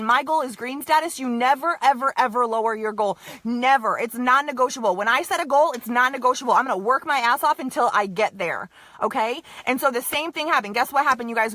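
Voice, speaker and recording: A woman's voice: sits high, pushed and bright, dry recording. A young woman leading a sales team, giving an emphatic, repetitive motivational pep talk on a live stream to her viewers. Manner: emphatic, repetitive, keeps saying "you guys" and "okay".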